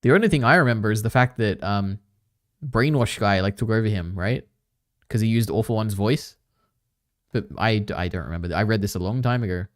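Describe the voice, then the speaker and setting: This lowish-voiced man speaks fairly quickly while reacting to clips on a live stream, rambling loosely with many filler words and side comments to his chat. The recording is dry and clean, like a studio.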